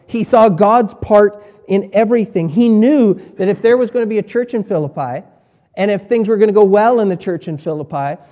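A man preaching a sermon as pastor, emphatic, repeating key words and swinging between quiet and loud. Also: high-pitched.

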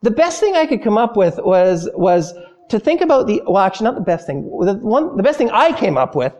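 A man with a high, light voice preaching a sermon. He is an animated storyteller who acts out panicked voices, then slows and softens on the phrases he wants to stress. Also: lo-fi sound.

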